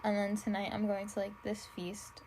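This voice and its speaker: A woman's voice: mid-range voice, completely flat delivery, normal speed, dark tone, slight background noise, poor audio. A tired young woman hosting a casual solo podcast, rambling and swearing freely, saying "like" constantly and gushing in a self-admittedly dramatic way. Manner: rambling, fills nearly every phrase with "like", swears freely. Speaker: podcast host.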